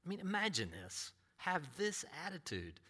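A middle-aged man preaching, who tells a personal story with animated delivery and acts out other voices. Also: fairly high pitch, moderate pace, breathy edge. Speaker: pastor.

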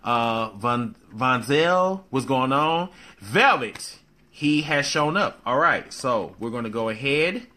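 Man, live stream host, bright voice, loose chatty talk, casual swearing. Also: medium pitch, expressive, slow.

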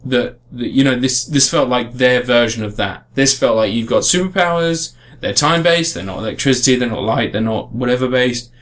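A man's voice: mid-range voice, brisk, few pauses. A man in casual podcast chat, reviewing a game in a rambling way with frequent restarts. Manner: rambling, restarts often, animated emphasis.

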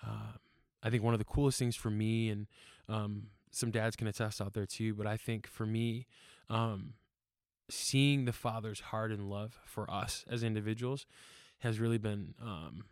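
Earnest young man sharing faith, halting. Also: lowish voice, steady tone, no echo, studio quality. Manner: earnest, halting, many fillers and restarts. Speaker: church member sharing testimony. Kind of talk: casual testimony talk.

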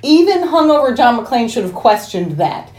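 A woman's voice: fairly high pitch, very animated, normal speed, a little mellow, echoey room. A woman on a podcast, skeptically picking apart the logic of a film. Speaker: podcast co-host. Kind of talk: casual movie discussion.

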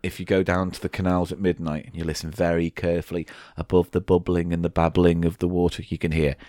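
A man's voice: low voice, flat delivery, fast, a little mellow, no room sound, clean studio sound. A man co-hosting a casual comedy podcast, swearing and bantering while spinning playful tall tales. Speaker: podcast co-host.

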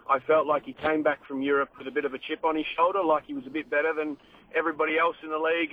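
A man's voice: fairly high pitch, slight background noise. Enthusiastic male fan on a phone line. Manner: enthusiastic, fluent fan talk. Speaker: caller. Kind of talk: talk radio phone-in.

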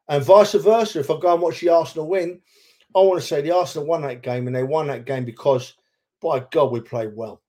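A man's voice: fairly high pitch, brisk, darkish tone. A man co-hosting a football podcast, talking with feeling and repeating himself for emphasis. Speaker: podcast co-host, football fan. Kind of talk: casual chat.

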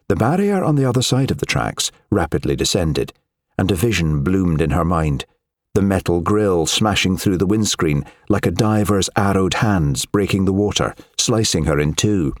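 Deep male voice reading a thriller audiobook, very lively delivery, dry sound. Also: moderate pace, no echo. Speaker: audiobook narrator. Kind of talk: scripted narration.

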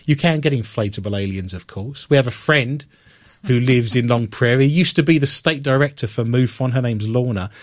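A man's voice: medium pitch, dry recording, clean studio sound. A man hosting a podcast, reading odd news stories and breaking into playful, self-mocking banter. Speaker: podcast host. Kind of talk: joking casual chat.

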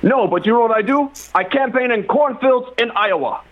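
A man's voice: very high voice, moderate pace. A man on a call-in line doing a jokey impression of an old male politician, with a folksy speech cadence and an old-time radio filter. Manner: folksy campaign-speech cadence, repeats itself. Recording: tinny phone line with faint noise.

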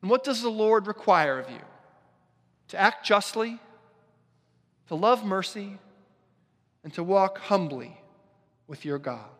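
A male pastor preaching a sermon in a church, with a deliberate, emphatic delivery and dramatic pauses. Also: high-pitched, expressive, a bit bright. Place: church sanctuary. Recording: long church reverb.

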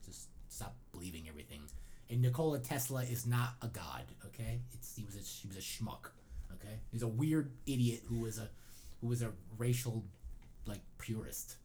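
A man's voice: on the low side, animated, moderate pace, mellow, slight background noise. A man hosting a podcast in casual chat, joking and opinionated with lots of asides. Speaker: podcast host.

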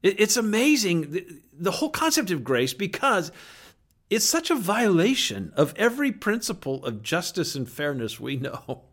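Emphatic male preacher, slightly high voice. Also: sing-song, a bit bright. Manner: earnest, emphatic preaching with dramatic pauses. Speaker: pastor. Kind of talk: sermon.

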